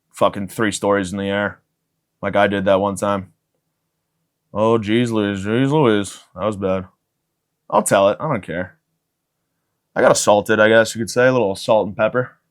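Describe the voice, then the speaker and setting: A man's voice: on the low side, brisk. A young man hosting a podcast, rambling through a crude comedic monologue with jokey asides and bursts of mock outrage. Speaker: podcast host.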